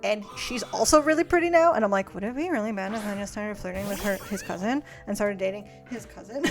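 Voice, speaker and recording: A woman's voice: mid-range voice, fast, few pauses. A young woman streaming, casually reading her old letters aloud and mocking her past self, swearing freely. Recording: faint music behind.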